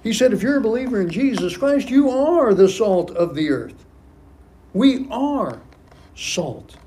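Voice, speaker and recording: A man's voice: high voice, very animated, unhurried, mellow. A man preaching a sermon as pastor of a church, emphatic and repeating key phrases for stress. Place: church sanctuary.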